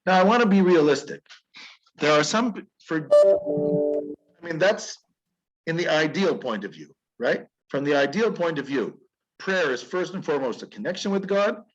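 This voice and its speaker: A man, a rabbi, teaching through stories in an animated, conversational way that is sprinkled with chuckles. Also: fairly high pitch, moderate pace, lo-fi sound. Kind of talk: storytelling lecture.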